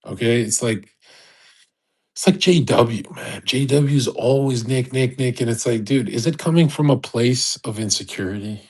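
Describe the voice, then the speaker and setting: A man's voice: medium pitch, moderate pace, darkish tone, breathy edge. A young man ranting casually on a live audio chat, brash and profane, laughing often. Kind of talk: casual rant.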